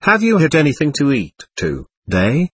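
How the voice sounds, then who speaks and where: A man's voice: a little high, wildly swooping pitch, normal speed, husky, exaggerated voice. A man doing a mocking worldly young seminarian. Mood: ironic teasing. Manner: ironic, teasing.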